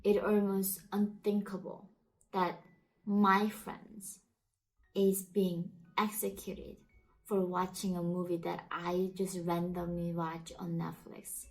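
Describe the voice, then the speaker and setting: A woman's voice: fairly low pitch, little pitch movement, takes it slowly, faint music behind, low-quality recording. Woman, Korean accent, Korean her first language; earnest, urgent commentary to camera. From North Korea. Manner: earnest, impassioned, non-native phrasing. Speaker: YouTuber and activist.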